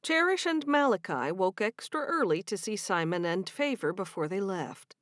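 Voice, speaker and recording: A woman narrating a sweet romance audiobook in a gentle, measured way. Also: medium pitch, lively intonation, no echo, studio quality. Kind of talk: scripted narration.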